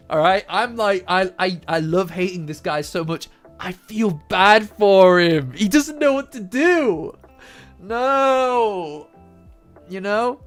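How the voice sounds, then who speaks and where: A man hosting a casual manga reaction, animated and profane, repeating lines for emphasis. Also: sits high. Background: faint lofi background music.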